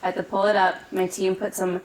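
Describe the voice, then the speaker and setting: A woman with a Minnesotan accent hosting a casual interview podcast, upbeat and asking quick questions. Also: mid-range voice, little pitch movement, a little hiss or hum. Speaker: podcast host. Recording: echoey room, distant mic.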